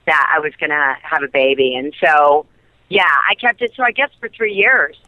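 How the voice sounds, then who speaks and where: A woman guest in a casual interview, an excitable storyteller who laughs and jumps high in pitch. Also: moderate pace, no echo, lo-fi sound. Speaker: interview guest, soap actress.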